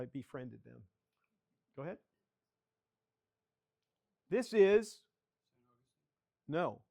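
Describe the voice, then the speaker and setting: Taking a club through a slideshow of his photographs, an older guest speaker tells stories in a chatty way and calls for every next slide, all in a children's library area. He has a mid-range, slightly mellow voice.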